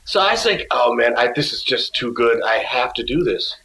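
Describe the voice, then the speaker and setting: Halting man telling a story, echoey room. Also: medium pitch, animated, creaky, pushed and bright, slight background noise. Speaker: guest musician. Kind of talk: casual storytelling.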